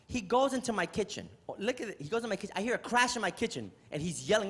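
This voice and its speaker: A man's voice: high voice, very fast, few pauses, slightly rough. A middle-aged man from New York City doing stand-up comedy on a theater stage, telling exasperated stories and acting them out. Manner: animated, exasperated storytelling with act-outs.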